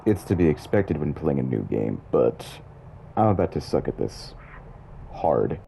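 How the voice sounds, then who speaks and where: Low deep guy doing sarcastic let's play commentary, kinda nitpicky. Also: very animated, a little slow, gravelly, warm tone, slight background noise. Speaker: gameplay commentator.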